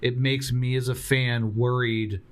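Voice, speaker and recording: A man co-hosting a movie podcast, talking in a thoughtful, animated way and laughing along. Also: mid-range voice, a little slow. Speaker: podcast co-host. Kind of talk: casual chat about movies.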